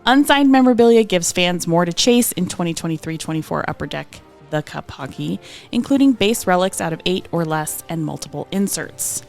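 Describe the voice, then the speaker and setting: A woman's voice: on the low side, animated, a little fast, gravelly, a little mellow, faint music behind. A woman co-hosting a podcast, reading out release details and adding dry asides. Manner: reads details, then adds dry asides. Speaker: podcast co-host.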